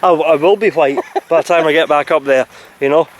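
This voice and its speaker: Man, Scottish accent, high-pitched, rambling casual chat, holiday vlog. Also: brisk. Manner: chatty, rambling storyteller. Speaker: vlog host. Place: outdoors by a boat.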